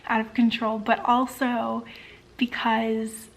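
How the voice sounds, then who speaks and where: A woman talking casually in a personal vlog at home at bedtime, gushing with excitement and gratitude, sometimes dropping into soft near-whispers. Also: on the high side, slow pace. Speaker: vlogger.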